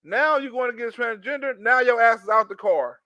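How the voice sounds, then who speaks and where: A man giving loud, profane reaction commentary, laughing and mimicking a politician as he talks. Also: very high-pitched, a little fast, smooth, dry recording. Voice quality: animated, profane, laughing while talking. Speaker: commentary YouTuber.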